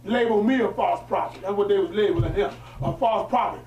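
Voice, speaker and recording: Reading a historical text aloud with preaching commentary, this very high-voiced man, a religious teacher, alternates formal passages with emphatic, colloquial asides to a small group. He talks a little fast, the tone is slightly mellow, and the dull audio carries slight background noise, echoing around a large room with the mic at a distance.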